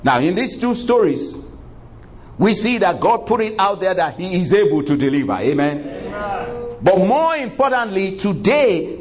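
A male preacher telling a story in a sermon, animated and conversational, laughing often and breaking into exclamations of praise. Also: high voice, moderate pace, breathy edge. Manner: conversational, many fillers.

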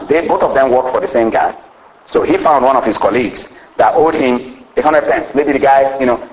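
A man preaching a sermon in a folksy way, often saying "you know" and laughing as he explains, acting out the scripture's dialogue. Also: poor audio. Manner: acts out the scripture's dialogue with jumps in pitch.

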